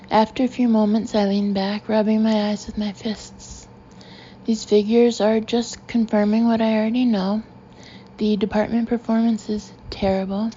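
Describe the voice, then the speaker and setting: A woman narrating a first-person novel in an expressive, animated way. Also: mid-range voice, muffled recording, a little hiss or hum. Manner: expressive, acting out the narrator's indignation. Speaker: audiobook narrator.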